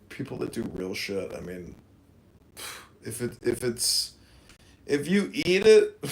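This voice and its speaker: A man's voice: on the low side, darkish tone, low-quality recording. A man hosts a comedy podcast and talks in a loose, casual way. He swears freely and goes off on crude riffs. He keeps breaking into laughter at his own jokes. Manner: crude, profane, cracks himself up. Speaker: podcast host.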